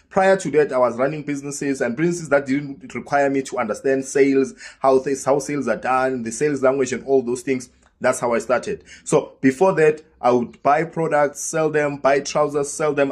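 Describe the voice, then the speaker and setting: A South African man casually telling a personal story, acting out the dialogue as he goes. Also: medium pitch. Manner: lively storyteller who acts out quoted dialogue. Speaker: vlogger.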